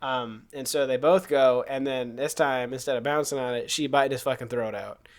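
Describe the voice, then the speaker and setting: A man co-hosting a podcast, retelling a film's plot in casual, profane, animated chat. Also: mid-range voice, moderate pace. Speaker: podcast co-host. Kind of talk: casual movie recap chat.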